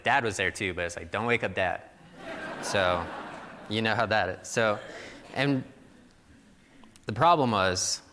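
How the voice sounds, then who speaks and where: A young adult pastor from Missouri, USA delivers a sermon as loose, conversational storytelling, peppered with "like." His fairly low voice sounds pushed and bright in a big room, with a little hiss or hum.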